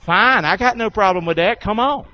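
A male preacher, leading a sermon with call-and-response and swinging from loud exclamations to hushed asides in a folksy way. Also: sits high, moderate pace. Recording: dull lo-fi sound.

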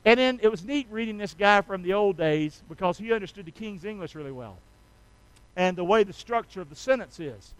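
High, folksy preacher man. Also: animated, a little fast, clear, resonant tone, poor audio. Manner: folksy, calls out to congregation, rhetorical questions. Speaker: pastor. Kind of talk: sermon.

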